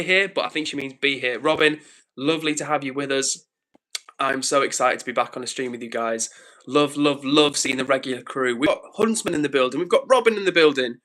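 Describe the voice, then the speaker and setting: A man's voice: on the high side, bright, forceful tone, low-quality recording. A young man hosting a live stream, cheerfully greeting viewers by name and reading out their comments, slightly out of breath. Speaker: livestream host.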